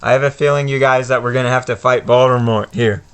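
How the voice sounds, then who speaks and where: A man hosting a casual let's-play video, commenting on a game slowly and relaxedly with frequent fillers. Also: medium pitch, fairly even intonation, smooth. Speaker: gaming video host.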